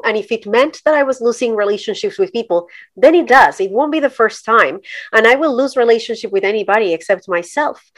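A middle-aged woman talks frankly as a podcast guest, pressing hard on her points. Her voice sits in an ordinary middle pitch for a woman. The sound is close and dry, with no room echo. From Colombia. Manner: direct, emphatic, acts out quoted voices. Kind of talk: candid conversational storytelling.

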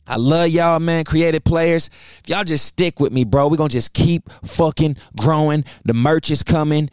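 A man's voice: fairly high pitch, moderate pace, darkish tone, smooth, no echo, studio quality. Fired-up, profane man ranting on a podcast. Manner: profane, blunt, preachy; heated, fired up. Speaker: podcast host. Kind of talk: ranting solo podcast talk.

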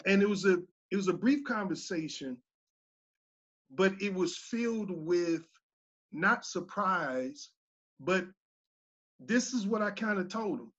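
Husky-voiced man, former teacher, lively storyteller, slightly dull audio. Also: high-pitched, slow. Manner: animated storyteller, acts out quoted voices loudly. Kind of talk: casual storytelling on a panel.

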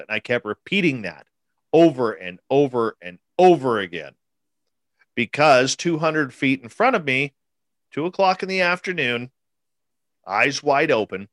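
A man's voice: mid-range voice, a bit bright, no room sound. Emphatic storytelling man in his forties. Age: 40s. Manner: emphatic, repetitive, acts out quotes. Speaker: interviewee recounting an encounter. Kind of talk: animated personal storytelling.

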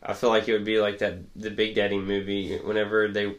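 Young man, low voice, casual podcast chat, rambling storyteller, laughs a lot. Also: monotone, brisk, lo-fi sound. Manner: laid-back rambling storyteller, laughs often. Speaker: podcast co-host.

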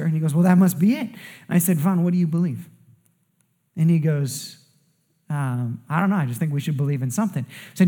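A man with a high voice preaches a sermon to his congregation. He tells stories with rising energy. He keeps checking in with the room. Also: husky. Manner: storytelling with rising excitement and frequent "okay?" asides. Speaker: pastor. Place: church service.

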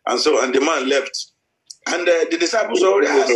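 A man's voice: on the high side, expressive, a little fast. A middle-aged man preaching a sermon, repeating himself with many hesitant restarts. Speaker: pastor. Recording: echoey church hall.

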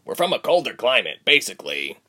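A man voicing a kind, calm young traveler who speaks simply in a storybook. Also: medium pitch, brisk, husky, heavily acted.

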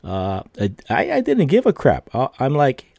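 A man's voice: medium pitch, huge pitch swings, normal speed, creaky, a little mellow, no room sound, clean studio sound. A man hosting a podcast, telling a casual story in a rambling way, with lots of fillers, tag questions and laughs between lines. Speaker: podcast host.

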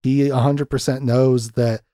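A man's voice: medium pitch, little pitch movement, unhurried, dark tone, no room sound. Man, podcast host, casual film chat, frequent laughter, dry studio sound. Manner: chatty, laughs often, acts out quotes from scenes.

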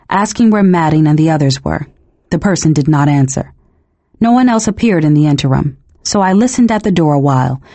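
A woman reading a novel aloud as first-person narration, measured and expressive. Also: low-pitched, no echo. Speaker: audiobook narrator.

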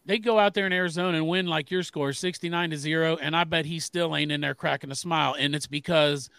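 A man's voice: a little high, steady tone, fast, creaky, fairly bright tone, no room sound. A middle-aged man co-hosting a sports podcast, talking in an emphatic, profane, rambling way. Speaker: podcast co-host. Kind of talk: casual sports podcast chat.

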